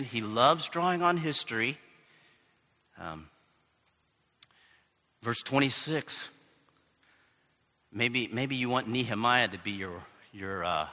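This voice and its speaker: A man's voice: medium pitch, sharp tone. A male pastor from the United States preaching a conversational sermon with asides and questions to the congregation. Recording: reverberant hall.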